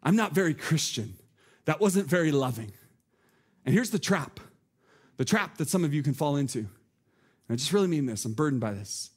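A man's voice: a little high, moderate pace, long pauses, slightly rough. Earnest male pastor preaching. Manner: earnest preaching, rising to animated emphasis. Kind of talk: sermon. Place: church stage.

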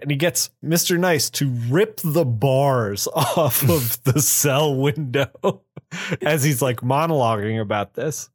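A man co-hosting a comic book podcast, casually retelling a plot and slipping into quick voices for the characters. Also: medium pitch, no echo, clean studio sound. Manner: acts out quotes in quick voices.

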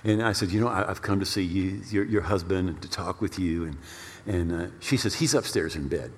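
A male pastor preaching a storytelling sermon in an animated way, repeating words for emphasis. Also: sits low, a little fast, slight background noise. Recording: long reverb of a large hall.

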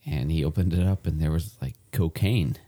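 Man, very deep voice, mellow tone, casual chat, wry interjections. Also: normal speed.

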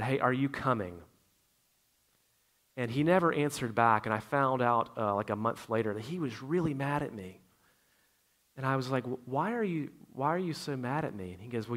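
A middle-aged man preaching a sermon in a conversational way, swinging between loud emphasis and quiet asides. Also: mid-range voice. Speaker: pastor.

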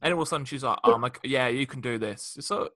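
A man's voice: mid-range voice, fast talker, background noise. A man co-hosting a casual podcast, sharing film trivia in an amused, chatty way. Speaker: podcast co-host. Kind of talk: casual film recap chat.

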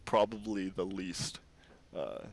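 A Canadian man with a fairly low voice chats loosely on a podcast. He rambles, restarts his sentences and drops casual swears as he goes. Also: fairly even intonation, slow pace, a little hiss or hum. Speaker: podcast co-host. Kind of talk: casual chat.

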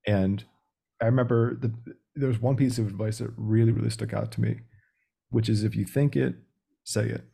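A man's voice: lowish voice, creaky, dark tone, slightly rough. A young man speaking as a podcast guest about sales, talking directly and acting out phone calls. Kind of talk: casual interview talk.

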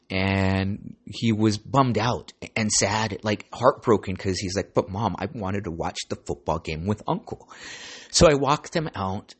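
A man in his forties talks through a solo podcast in a loose, rambling way. His voice sits low and a bit husky, and he drops casual swears and "dude" as he goes. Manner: rambling storytelling, swears, calls listeners "dude". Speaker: podcast host.

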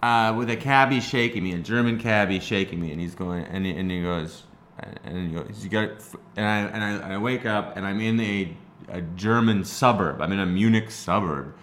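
A man from Canada spins a long, meandering story for his co-hosts. His voice sounds bright and forward, and he keeps breaking into laughter and tripping over his own restarts. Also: on the low side, moderate pace, slight background noise. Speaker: podcast co-host telling a story. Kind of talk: casual storytelling chat.

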